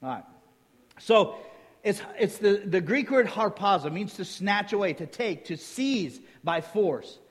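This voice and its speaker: High-voiced preacher in a reverberant hall. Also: male voice, a little slow. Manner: lively teaching tone, quizzes the listeners with rhetorical questions, jokes in between. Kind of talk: sermon.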